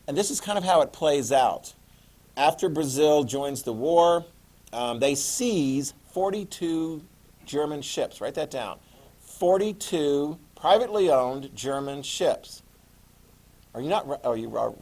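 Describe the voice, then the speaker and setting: A man's voice: mid-range voice, a little mellow. A man teaching a history class, lecturing in a chatty way, asking the students questions and making small jokes.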